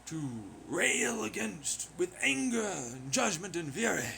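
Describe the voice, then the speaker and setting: A man's voice: high-pitched, big pitch swings, a little slow, vocal fry, sharp tone, slight background noise. A man rambling in a profane monologue, firing off rhetorical questions. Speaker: vlogger.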